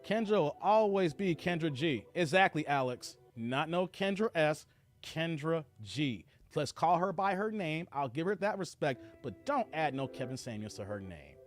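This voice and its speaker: Heated, high-pitched man ranting on a livestream. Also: expressive, moderate pace, soft background music. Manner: heated ranting, swearing, reading viewer comments. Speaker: livestream host reacting to clips. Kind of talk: casual reaction commentary.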